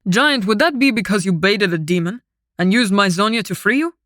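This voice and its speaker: A woman's voice: medium pitch, normal speed, sharp tone, no room sound, clean studio sound, lightly acted. A woman voicing a hard, angry male commander who is centuries old and part angel, speaking in stern, clipped radio calls.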